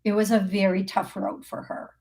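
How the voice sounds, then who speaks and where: On her live psychic call-in program, a female medium talks at normal speed in a mid-range, fairly flat, darker-toned voice. She's talkative and quick to laugh, musing out loud with lots of filler words during readings.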